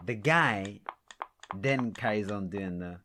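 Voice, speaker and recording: A man's voice: on the low side, slow, noisy background. A man co-hosting a podcast, telling stories in laid-back slang-filled casual chat. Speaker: podcast co-host.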